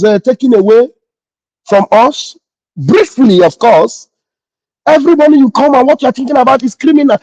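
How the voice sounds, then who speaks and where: A man's voice: very high-pitched, a little mellow, no echo, dull audio. A man, a pastor hosting a morning livestream, scolding his critics indignantly and repeating his phrases. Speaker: pastor and online host.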